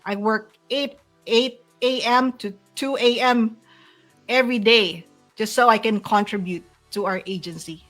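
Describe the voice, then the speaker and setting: A woman's voice: a little high, measured pace, a bit bright, soft background music. A middle-aged woman with a Filipino accent, a guest speaking earnestly and emotionally about running her agency, often restarting her sentences. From Philippines. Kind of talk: heartfelt interview talk.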